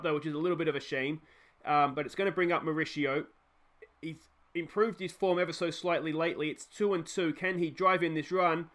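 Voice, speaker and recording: An Australian let's play host commentates his own baseball management game, calling plays with rising excitement and tossing in chatty asides. His voice is a little high.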